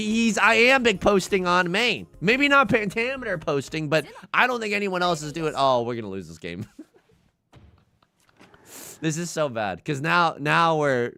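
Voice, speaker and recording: A young man giving live game commentary to his chat, jokey and animated, often stumbling and repeating words. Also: a little high, gravelly. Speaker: streamer.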